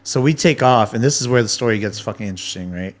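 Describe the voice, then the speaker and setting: A man telling stories in a casual podcast chat, animated and swearing freely as he acts out what people said. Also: on the low side, fast. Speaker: podcast guest.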